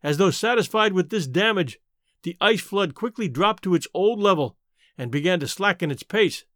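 A man reading an adventure story aloud as narrator, with an expressive, dramatic delivery on a close mic. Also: high-pitched, moderate pace, no echo. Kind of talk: scripted audiobook narration.

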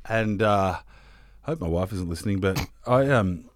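A man with a lowish voice that swings about a lot as he spins a deadpan story. His delivery is dry and teasing, like a podcast co-host ribbing a friend, recorded close and dry. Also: normal speed, no room sound. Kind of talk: casual banter.

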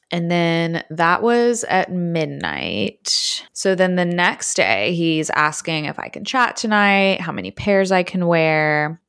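A woman casually telling a story to her viewers, chatty and laughing often, with sudden jumps in pitch. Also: a bit bright, dry recording, clean studio sound. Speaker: adult content creator vlogger.

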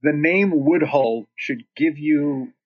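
Brief: husky-voiced man, animated, swearing storyteller, dull lo-fi sound. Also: fairly high pitch, slow. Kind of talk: casual anecdote.

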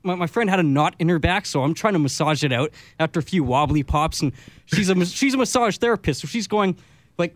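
A man on a radio talk show tells an embarrassing story about himself. He sounds sheepish and giggly, and his voice is high. The sound is dry and close. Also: fairly quick, dry recording.

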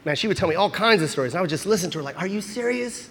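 A male stand-up comedian telling animated, profane stories on stage, recorded live in a large hall. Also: fairly high pitch, racing, slight background noise. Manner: animated, profane, act-out storytelling. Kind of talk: stand-up storytelling. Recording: live show in a hall with audience. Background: audience laughter.

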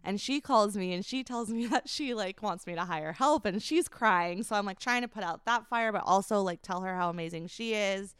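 A young woman, a company founder, telling an emotional personal story as a podcast guest, halting with many fillers. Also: mid-range voice, a bit bright, clean tone, no echo, clean studio sound. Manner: halting, many fillers, laughs while recounting.

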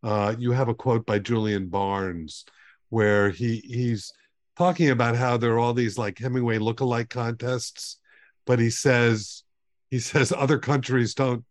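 A man's voice: medium pitch, fairly even intonation, measured pace. A man hosting a literary podcast, asking long rambling questions that often end in "right?". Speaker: podcast host. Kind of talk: conversational interview.

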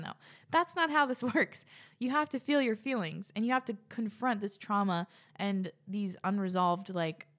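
A young woman hosting a podcast, reading listener messages and reacting in a gushing, chatty way, often out of breath. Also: medium pitch. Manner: gushing, chatty, many fillers. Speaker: podcast host.

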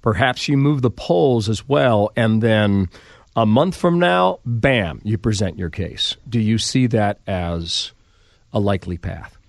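A man hosting a podcast interview, asking probing questions with lively emphasis. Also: on the low side, slow, creaky, no room sound, studio quality. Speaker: podcast host.

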